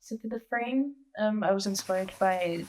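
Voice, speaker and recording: A woman's voice: mid-range voice, moderate pace, a little mellow, poor audio. A woman, an artist, explaining her work step by step in a documentary interview.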